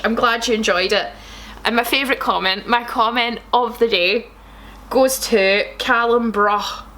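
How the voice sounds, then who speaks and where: High, bright young woman reading comically. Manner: animated, sarcastic, swears freely. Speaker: comedian reading fan fiction aloud. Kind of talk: comic read-aloud.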